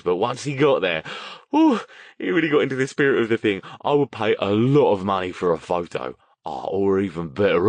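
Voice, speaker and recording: Brief: loud, jokey bloke, read by a male narrator, big lively swings. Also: medium pitch, no room sound, voice pushed up, natural voice. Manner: boisterous, laughing, gossipy.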